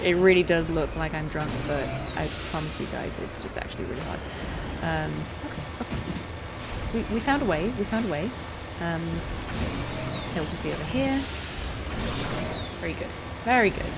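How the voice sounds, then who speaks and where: Lady rambling over a game, lowish voice, loud game and engine noise under her. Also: lively intonation, normal speed, creaky, long pauses. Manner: chatty, rambling, lots of fillers. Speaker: voice actor streaming a game. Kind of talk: casual let's-play commentary.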